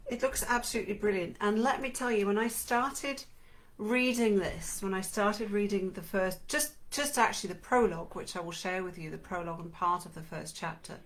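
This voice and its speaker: A woman's voice: medium pitch, a bit bright. A middle-aged woman hosting a live book-reading show, chatting enthusiastically and gushing about the book before reading it aloud. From not from North America. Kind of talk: casual live-stream chat and book reading.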